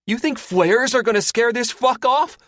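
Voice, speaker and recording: A male narrator performing a panicked jet weapons officer, cursing as he barks over the comm. His voice jumps high and loud with a lively swing. The sound is dry and close. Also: moderate pace, no room sound. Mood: shouting. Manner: shouting over the comm, swearing. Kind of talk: audiobook character voice.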